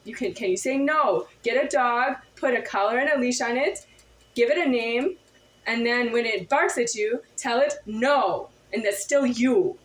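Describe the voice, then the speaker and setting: A woman's voice: a little high, a little slow, a bit bright, roomy sound, poor audio. A woman in a confrontational monologue to camera, firing off insistent, repetitive rhetorical questions.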